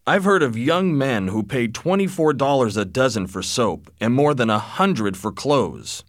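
Gruff old rich father, forceful lecturing tone, lively pitch, read by a man. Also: a little slow, no room sound, studio quality, natural voice. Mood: blunt.

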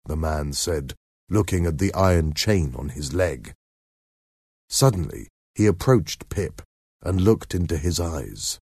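A man reading a storybook aloud as narrator, in measured, expressive storytelling. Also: very deep voice, slightly rough, dry recording, clean studio sound. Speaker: audiobook narrator. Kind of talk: scripted narration.

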